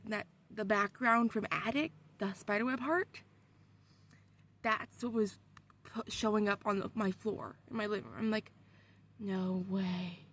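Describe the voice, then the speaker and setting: A woman vlogger telling a story in casual, excitable talk, swearing often. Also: medium pitch, vocal fry.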